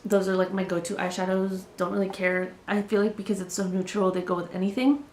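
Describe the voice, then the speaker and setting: A woman's voice: mid-range voice, fairly even intonation, brisk, darkish tone. A young woman with a cold, chatting casually and rambling as she does her makeup on camera. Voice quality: chatty, rambling, filler-heavy. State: sick, slightly congested. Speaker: beauty vlogger. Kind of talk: casual get-ready-with-me chat. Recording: echoey room with faint noise.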